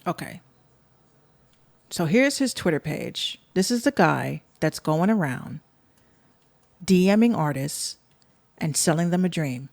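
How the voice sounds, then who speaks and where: A woman's voice: on the low side, expressive, takes it slowly, vocal fry, long pauses, darkish tone, no echo. A woman from the Bronx with a New York accent, hosting a podcast in a blunt, profane, sarcastic rant aimed at her listeners. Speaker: podcast host.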